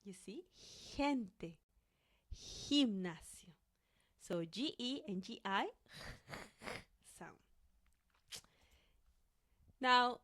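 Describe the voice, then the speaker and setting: Slow, careful woman teaching pronunciation. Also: mid-range voice. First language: Spanish. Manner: slow, careful modeling of sounds for repetition. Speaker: Spanish teacher. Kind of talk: language lesson.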